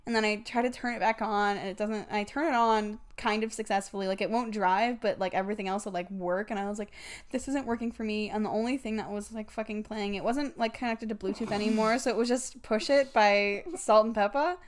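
A woman's voice: medium pitch, steady tone, a little fast, few pauses. A woman in her twenties, co-hosting a podcast, telling a long story in casual chat. She rambles, swears often and laughs as she talks. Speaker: podcast co-host.

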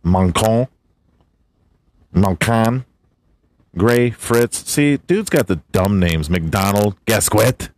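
A man's voice: on the low side, expressive, extremely slow, long pauses, a little mellow, dry recording, clean studio sound. A man hosting a casual solo podcast, swearing a lot, laughing, and fumbling through hard names. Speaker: podcast host.

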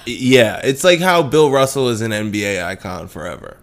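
A man's voice: medium pitch, very animated, a little fast. A man in his twenties co-hosting a podcast, bantering in a laid-back, joking way with frequent restarts. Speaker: podcast co-host. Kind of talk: casual chat. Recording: roomy echo with faint background ambience.

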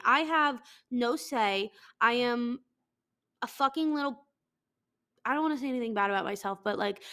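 A young woman hosting a podcast on a headset at her desk, ranting in a profane, animated, mock-angry way. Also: fairly high pitch. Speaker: podcast host. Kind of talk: casual comedic rant. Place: home desk.

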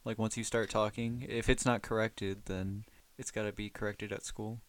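A man's voice: lowish voice, flat delivery, moderate pace. A man chatting casually with friends, teasing them and asking questions. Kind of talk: casual chat among friends.

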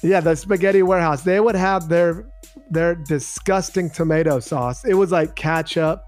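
A man co-hosting a podcast in casual chat, animated and quick to laugh. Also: fairly high pitch, faint music behind. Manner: laughs easily, animated storytelling. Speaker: podcast co-host.

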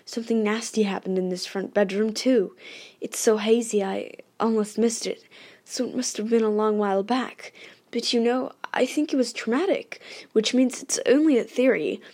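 A woman reading aloud, voicing an eager, chatty young male ghost-hunter who rambles and thinks out loud. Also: a little high.

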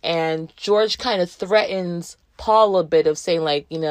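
A woman's voice: measured pace, dry recording. A woman casually retelling a film's plot, acting out the characters' lines as she goes. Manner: chatty, acts out quotes with pitch jumps. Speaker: film recap narrator.

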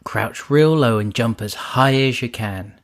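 A man's voice: mid-range voice, measured pace, close to an everyday voice. A man voicing a wise male frog in a spoken story, inviting and plain-spoken.

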